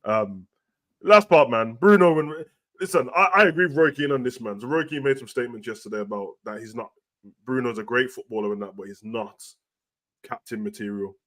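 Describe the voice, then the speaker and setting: A man's voice: mid-range voice, fairly quick, a bit bright. A man, chatting casually and animatedly about football and boxing as a podcast host, dropping slang constantly. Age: adult with a young son. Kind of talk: casual chat.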